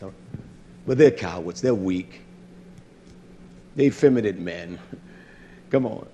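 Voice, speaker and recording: A man preaching a sermon to his congregation, blunt and combative, with slangy talk that drops to low mutters and rises to loud outbursts. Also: slight background noise. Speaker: congregation leader.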